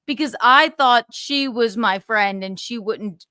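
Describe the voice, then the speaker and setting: A woman's voice: a little high, measured pace, bright, forceful tone, no room sound, clean studio sound. A woman co-hosting a livestream, ranting angrily and swearing in heated casual chat. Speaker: livestream co-host.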